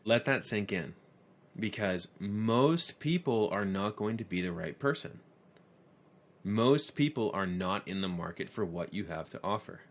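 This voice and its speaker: A man's voice: lowish voice, animated, measured pace. A man teaching an online course lesson, telling stories in a conversational way. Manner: conversational storyteller. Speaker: course instructor.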